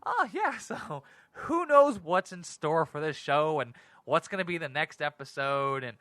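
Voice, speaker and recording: A man hosting a casual solo talk show, rambling and excitable, often laughing at himself. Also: fairly high pitch, a little slow, dry recording. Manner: rambling, giggly, self-deprecating; excitable and animated. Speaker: podcast host.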